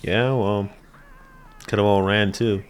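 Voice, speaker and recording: A man's voice: fairly low pitch, steady tone, takes it slowly, clean tone. A man hosting an anime reaction video, chatting casually, swearing and laughing often as he rambles with lots of fillers.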